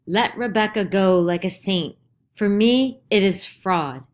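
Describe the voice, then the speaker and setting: A woman's voice: mid-range voice, a little slow, voice pushed up, close to an everyday voice. A woman voicing an anguished, defiant middle-aged male farmer in a dramatized play reading, with pained, raised delivery.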